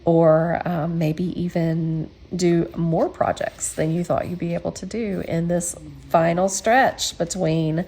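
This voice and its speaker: A woman's voice: fairly low pitch, steady tone, slow pace, dark tone. A woman hosting a casual craft tutorial, chatty and encouraging, with frequent ums. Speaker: quilting channel host.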